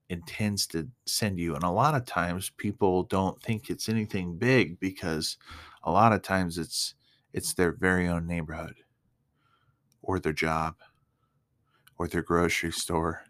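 A man's voice: low-pitched, fairly bright tone. A young man giving a casual, earnest devotional talk to viewers, emotional at times and full of fillers. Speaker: Christian speaker.

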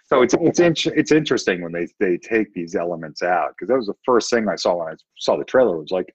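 A man's voice: low-pitched, animated, fast, hardly any pauses, breathy edge, no room sound, lo-fi sound. A man co-hosting a casual podcast chat, blunt and opinionated, swearing now and then. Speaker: podcast co-host.

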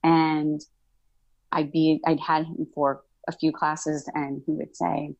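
A woman's voice: sits low, takes it slowly, creaky, no echo, lo-fi sound. A middle-aged woman, a college instructor, telling her story in a casual interview and acting out past conversations. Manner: animated, acts out past dialogue in quoted voices.

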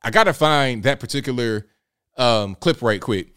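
A man's voice: medium pitch, expressive, moderate pace, fairly bright tone, clean tone. A man hosting a live show, talking in a casual, blunt, rambling way and riffing with rhetorical questions. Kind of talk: casual livestream commentary.

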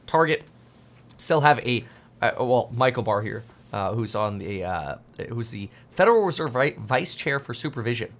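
A man giving casual, animated market commentary, reading news aloud with jokey asides and mocking quoted voices. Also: medium pitch. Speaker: finance commentator.

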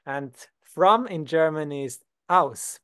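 A man's voice: fairly high pitch, lively intonation, a bit bright, clear, resonant tone. Patient Swiss man teaching German basics. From Switzerland. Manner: patient, slows down to model words. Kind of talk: beginner language lesson.

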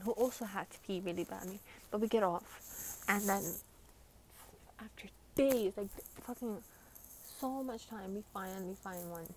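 A woman's voice: medium pitch, a little mellow. A young woman streamer telling a story in a casual ramble, full of fillers and swearing.

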